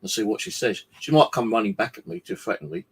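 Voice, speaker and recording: A man's voice: lowish voice, fast talker, creaky, husky. A man, talking casually to camera at home, rambling and swearing in an aggrieved way. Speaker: vlogger. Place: home flat indoors.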